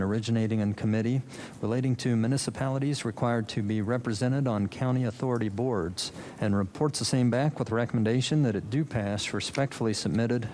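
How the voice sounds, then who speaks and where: A man serving as clerk, reading committee reports and resolutions in a steady, formal manner. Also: mid-range voice. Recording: faint room noise.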